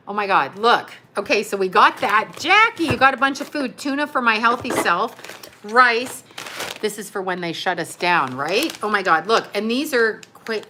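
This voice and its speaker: A woman's voice: medium pitch, slight background noise. A middle-aged woman vlogging at home, unboxing a care package with lots of laughing and exclamations. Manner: excitable, laughs often, exclaims "oh my God".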